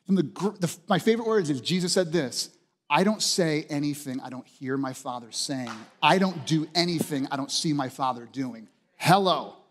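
Pastor guy preaching hard, kinda high voice, lots of repeating for emphasis, big hall echo. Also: normal speed, a little hiss or hum. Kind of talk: sermon.

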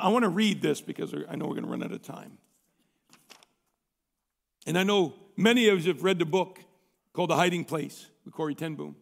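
A male pastor preaches in a folksy, conversational way, pausing now and then to clear his throat as he reads a story aloud. His voice sits high and has a gravelly, fry-tinged edge. The sound carries a long reverb, as in a large hall. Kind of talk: sermon with read-aloud story.

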